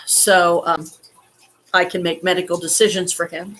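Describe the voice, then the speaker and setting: A woman telling a personal story in a halting, shaken way, holding back tears and swearing now and then. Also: fairly low pitch, level tone, fairly bright tone. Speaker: vlogger.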